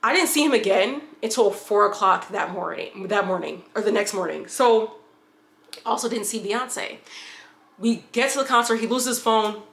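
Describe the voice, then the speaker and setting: Bright-voiced woman telling a candid story. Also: mid-range voice, moderate pace, vocal fry, echoey room. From upstate New York. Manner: candid, rambling, swears freely. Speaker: vlogger. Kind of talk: casual storytime vlog.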